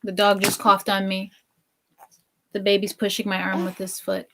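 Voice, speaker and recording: A woman's voice: mid-range voice, completely flat delivery, normal speed, bright, forceful tone, slight background noise. A young American woman, tired after work, rambling drowsily on a casual livestream. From United States. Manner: rambling, drowsy, trails off on tangents. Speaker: streamer co-host.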